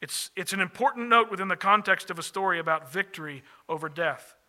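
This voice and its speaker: A man preaches a sermon with a high, strikingly bright voice. He speaks earnestly, often slowing down and sinking to a hushed tone on the phrases he wants to land. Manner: earnest, slows and drops softly on key phrases. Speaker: pastor.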